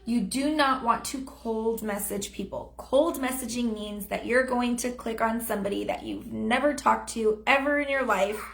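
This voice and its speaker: A woman's voice: fairly high pitch, moderate pace, creaky, hardly any pauses, a bit bright, reverberant. A woman in her thirties giving a chatty, upbeat sales training live from her home, often acting out sample messages. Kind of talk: live-stream training talk. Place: home room. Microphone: phone or webcam on a live stream.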